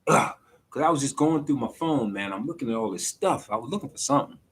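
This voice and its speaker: A man in his forties giving an exasperated, animated rant in a casual vlog and laughing between points. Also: medium pitch, fast talker, breathy edge. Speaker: vlogger.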